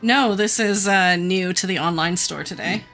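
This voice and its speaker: A woman's voice: on the low side, a bit bright. A woman hosting her game stream, chatting casually with friends and laughing easily. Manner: easygoing, giggly, quick to laugh. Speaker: streamer and host. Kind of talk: casual gaming chat. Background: game music.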